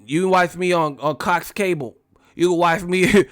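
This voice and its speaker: A man putting on a boxer's voice, pitched a little higher than his own and stumbling through a stiff promo read. It sounds mocking and playful. The recording is dry and close. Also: steady tone, a little slow, no echo. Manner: stumbling over a scripted promo line. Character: impression of a famous heavyweight boxer, man.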